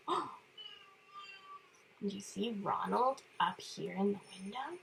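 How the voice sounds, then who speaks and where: A woman reading a picture book to young children in an animated voice, coaxing them to count and whisper along. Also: medium pitch, takes it slowly, vocal fry, long pauses, breathy edge. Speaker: children's story reader.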